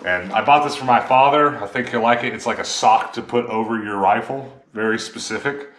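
A man's voice: fairly low pitch, a little fast, fairly bright tone. A man chatting casually as a vlogger, showing off his thrift store finds with enthusiasm. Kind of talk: casual chat. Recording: echoey room with clear background noise.

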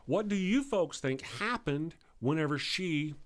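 A man's voice: a little high, lively intonation, measured pace. A man hosting a live stream show, talking in a chatty, rambling way and often correcting himself.

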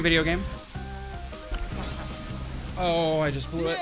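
A young man talks his way through a game in a high voice, one that leaps wildly between low mutters and sharp cries. He talks to himself, groaning at his failures and cheering his wins. Clear game music plays behind him. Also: lively intonation, a little fast, poor audio. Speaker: gaming channel host. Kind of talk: casual gameplay commentary.

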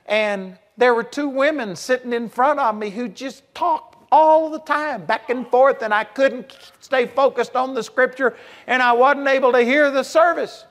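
A tearful young student with a high, wailing voice and a thin, pleading lilt, as a preacher puts him on. He pitches up sharply and sounds near to sobbing. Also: a little slow, gravelly, husky, exaggerated voice. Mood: distraught. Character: distraught young male Bible student, tearful and whiny.

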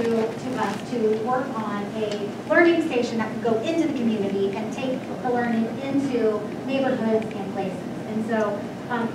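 A woman on the school district staff presenting a new project at a board meeting, speaking in a prepared, explanatory way with some hesitations. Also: fairly high pitch. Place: public meeting room. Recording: echoey meeting room, distant mic, loud background noise.

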